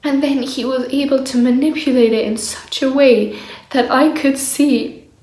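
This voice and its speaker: A woman's voice: sits high, fairly even intonation, measured pace, a little mellow. A woman recording a personal diary vlog, venting in exasperation about being shut down, sometimes dropping to a whisper. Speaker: diary vlogger. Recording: echoey room.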